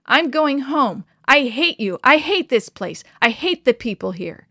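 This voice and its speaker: A woman voicing a stubborn, angry young boy who shouts and refuses. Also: on the high side, unhurried, vocal fry, no room sound, studio quality. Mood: angry shouting. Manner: shouting, defiant.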